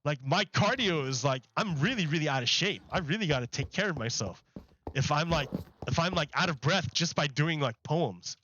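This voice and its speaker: A man on a gaming livestream with a fairly high, bright and forceful voice. He rambles loosely, stacking "like" between his thoughts. The stream audio sounds dull and lo-fi. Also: animated, moderate pace, slight background noise. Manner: rambling, heavy use of "like". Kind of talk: casual livestream chat while gaming.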